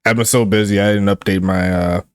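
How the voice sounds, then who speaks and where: A man calling a simulated football game play by play in a relaxed streaming style, joking with chat and rising on big plays. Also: lowish voice, a little fast, dry recording. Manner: laid-back, laughs at jokey player names, excitable on big plays. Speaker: play-by-play commentator. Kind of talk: casual sim football commentary.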